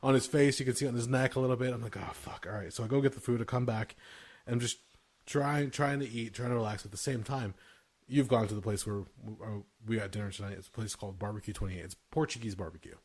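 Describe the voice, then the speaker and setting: A man in his thirties hosts a loose podcast chat, rambling through a story. He swears freely and keeps breaking into laughter, his voice sitting at an ordinary middle pitch. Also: fairly even intonation, fast talker, darkish tone. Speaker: podcast host.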